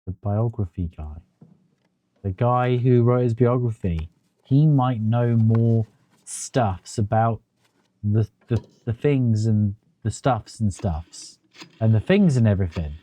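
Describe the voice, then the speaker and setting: A man's voice: mid-range voice, takes it slowly, warm tone. A man streaming a game, casually commenting with sarcastic jokes and swearing.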